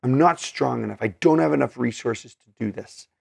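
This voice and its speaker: A man's voice: mid-range voice, moderate pace, creaky, husky, no echo. A man teaching scripture in an earnest, conversational way, with many fillers and restarts. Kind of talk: casual scripture study talk.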